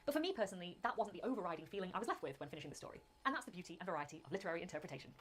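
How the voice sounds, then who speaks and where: A woman's voice: on the low side, lively intonation, racing, a bit bright, husky. A woman hosting a video of literary analysis, posing thoughtful questions to viewers.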